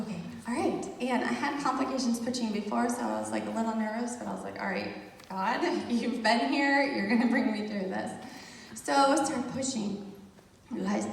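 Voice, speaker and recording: A woman's voice: a little high, gravelly, very echoey, in a large hall, distant mic, slight background noise. A woman casually telling a group the story of her birth, with frequent laughter. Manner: animated, laughs often, addresses listeners as "you guys". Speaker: speaker sharing a birth testimony.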